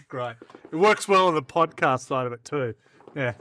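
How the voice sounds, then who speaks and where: A man co-hosting a podcast, delivering a hammy mock recruitment pitch with bursts of shouting and laughter, slightly hoarse. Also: animated, a little slow, slight background noise. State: slightly hoarse after illness. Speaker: podcast co-host.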